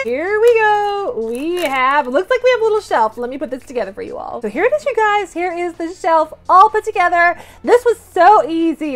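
A woman toy collector chatting through an unboxing vlog, gushing with gasps and giggles. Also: sits high. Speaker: toy collector and channel host.

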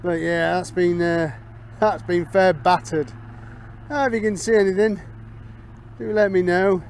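Guy in a field, bit high voice, chatting to viewers about finds. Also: steady tone, a little slow, creaky, a little mellow, slight background noise. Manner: chatty, talks to viewers, thinks aloud. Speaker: metal detecting vlogger. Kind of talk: casual commentary while detecting.

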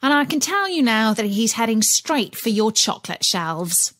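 A woman voicing a calm, reassuring female emergency telephonist. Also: fairly high pitch, normal speed, no echo.

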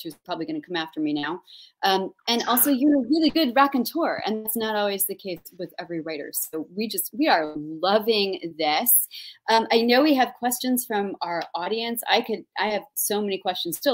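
A woman hosting an interview over a video call, playful, chatty and self-mocking. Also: mid-range voice. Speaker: host. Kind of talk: interview, casual chat.

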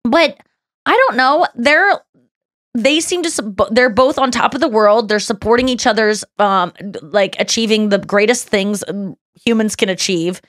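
A woman's voice: a little high, a little slow, a bit bright, dry recording, clean studio sound. A woman hosting a podcast in casual chat, gushing and chatty with lots of fillers and restarts. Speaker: podcast host.

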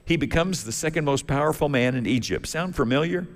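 A man's voice: fairly high pitch, expressive, a little fast. A male pastor preaching a sermon in a folksy storytelling manner, acting out the characters as he goes. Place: church sanctuary. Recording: long church reverb.

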